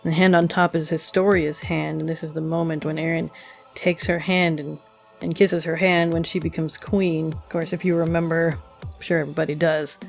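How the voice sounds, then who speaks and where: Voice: medium pitch, flat delivery, moderate pace, creaky. A reviewer talking casually through an anime episode while drawing, thoughtful and musing, with hesitant fillers. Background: faint background music.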